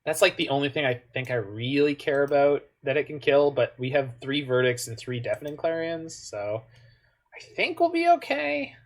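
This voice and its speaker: A man's voice: medium pitch, normal speed, few pauses. A man from Canada, giving casual, joking commentary while he plays an online card game, with muttered asides in between.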